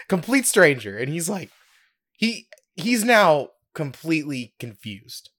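A young man co-hosting a podcast, telling a story in a casual, giggly, animated way. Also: fairly high pitch, slow, pauses often. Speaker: podcast co-host.

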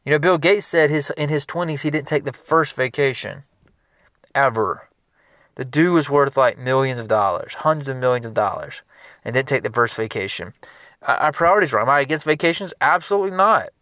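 A man, a business consultant, giving an energetic motivational talk in a conversational, repetitive way. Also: medium pitch, brisk, dry recording, clean studio sound.

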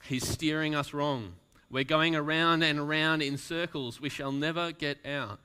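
A preacher voicing a crew of panicking sailors at the oars, their complaint pushed a little higher and louder, bright and clear in tone. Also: male voice, fairly even intonation, unhurried. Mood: panicked.

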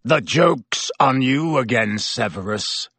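Brief: male reader playing a desperate man on the run, snarling, husky, slow. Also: mid-range voice, lively intonation, fairly bright tone, no echo, exaggerated voice. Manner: snarling, croaking. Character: desperate escaped male convict, gaunt and fierce.

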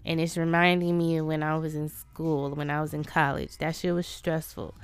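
A woman's voice: low-pitched, little pitch movement, moderate pace, clean tone. Cussing, self-mocking woman podcaster. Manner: profane, self-deprecating venting. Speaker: podcast host. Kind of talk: casual solo podcast monologue.

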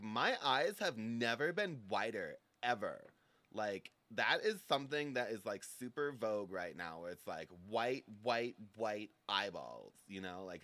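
Brief: man, ditzy and gushing, very lively pitch, bright edge, dry close sound. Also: no room sound. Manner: ditzy, "like"-filled valley-style chatter. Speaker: talk show guest. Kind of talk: improvised comedy bit.

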